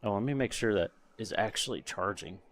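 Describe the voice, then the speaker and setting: A man's voice: fairly low pitch, fast, a bit bright. A man chatting casually on a live stream while painting a model kit, muttering to himself and trailing off. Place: home workshop.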